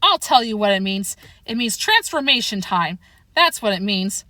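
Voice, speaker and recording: A woman's voice: medium pitch, very animated, normal speed, pushed and bright, dry recording. A woman voicing a paranoid, theatrical male house cat in an audiobook reading. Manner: insistent, theatrical warnings.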